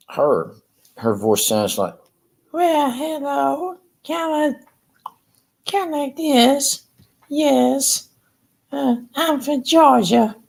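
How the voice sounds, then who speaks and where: A man's voice: on the low side, darkish tone, low-quality recording. A man chatting casually on a live stream about his ventriloquist act, rambling and hesitant with many fillers and restarts, chuckling often between thoughts.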